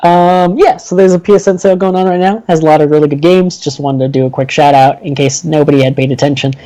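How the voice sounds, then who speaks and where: A man's voice: fairly high pitch, fairly even intonation, fast talker, dark tone, low-quality recording. A man co-hosting a gaming podcast, talking in an easygoing way and laughing often. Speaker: podcast co-host. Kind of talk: casual chat.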